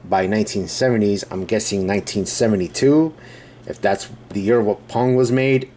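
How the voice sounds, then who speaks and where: A man's voice: fairly low pitch, moderate pace, mellow, slight background noise. A man hosting a casual unboxing and review, rambling, correcting himself and chuckling as he reads the box aloud. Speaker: channel host reviewing a build kit.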